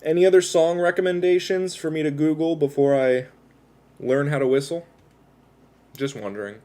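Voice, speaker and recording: A man's voice: a little high, normal speed, warm tone. A man chatting casually with his viewers on a livestream, rambling and self-deprecating as he talks while tattooing himself.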